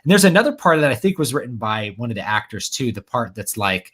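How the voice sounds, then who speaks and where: A man's voice: mid-range voice, big pitch swings, fast talker, a bit bright, slightly rough. A man hosting a casual video chat, talking with enthusiasm and acting out film lines he loves. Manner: enthusiastic, quotes movie lines. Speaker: podcast host.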